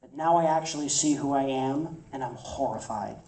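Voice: mid-range voice, normal speed, mellow, reverberant, distant mic, low-quality recording. A campus ministry preacher delivering an emphatic sermon, repeating phrases for effect.

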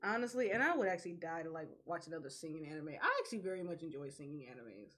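A woman's voice: deep voice, animated, very fast, a bit bright. A woman co-hosting a podcast in casual chat, who giggles and breaks into laughter often. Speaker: podcast co-host.

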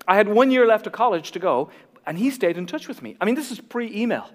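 An Irish man in his forties, a pastor telling his own story in a sermon with animated, self-deprecating humor. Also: sits high, a little fast, in a large hall. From Ireland.

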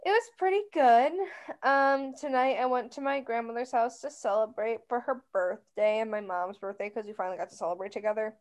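A woman's voice: fairly high pitch, brisk. A young woman co-hosting a casual podcast, blunt and slangy with a joking edge. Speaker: podcast co-host. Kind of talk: casual chat.

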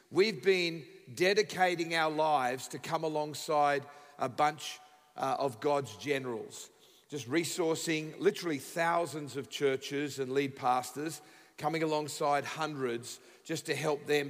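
A man in his fifties with an Australian accent, a guest pastor addressing a church congregation with lively, joking energy. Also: on the high side. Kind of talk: sermon. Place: large church hall. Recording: reverberant church hall.

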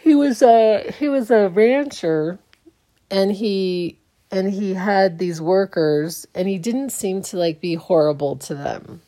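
A woman's voice: mid-range voice, takes it slowly, dark tone. A woman hosting her own podcast, chatting casually and rambling with many restarts, sleepy early in the morning. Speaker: podcast host. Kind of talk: casual solo podcast chat.

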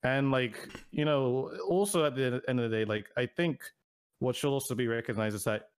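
A man co-hosting a casual gaming podcast at a mid-range pitch. He rambles through his points with plenty of filler words and laughs easily. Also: normal speed, clean tone. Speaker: podcast co-host. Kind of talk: casual chat.

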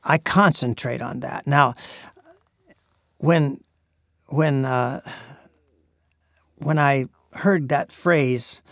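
Gravelly-voiced preacher man, dry sound. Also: mid-range voice, fairly bright tone, no echo. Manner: earnest, measured, with frequent "uh" pauses. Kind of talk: sermon.

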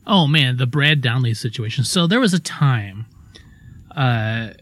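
Animated rambling man telling a story. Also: mid-range voice, a little slow, no echo, soft background music. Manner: rambling, animated, self-interrupting. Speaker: radio co-host. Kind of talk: casual storytelling on air.

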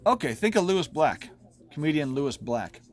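A man's voice: on the high side, sing-song, fairly quick. A man in his forties hosting a solo podcast, ranting bluntly and with lots of profanity, often laughing at himself. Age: 40s. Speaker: podcast host.

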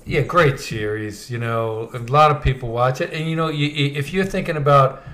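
A man co-hosting a casual podcast chat, animated and swearing freely as he acts out scenes he liked. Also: medium pitch, normal speed. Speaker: podcast co-host.

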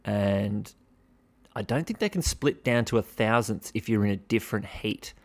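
A man's voice: lowish voice, normal speed. A young Australian man hosting a podcast, talking casually and bluntly, swearing freely with mock exasperation. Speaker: podcast host. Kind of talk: casual solo commentary.

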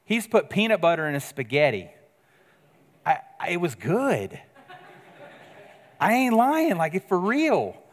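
A man preaching a sermon as pastor, earnest and conversational, dropping to quiet emphasis on key words. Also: high-pitched, wildly swooping pitch, unhurried, pauses often, long reverb tail.

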